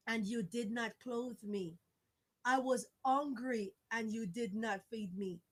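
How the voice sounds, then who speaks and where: A middle-aged woman from Jamaica, making a pleading, repetitive fundraising appeal in a church-style exhortation. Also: fairly high pitch. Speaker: fundraising campaigner.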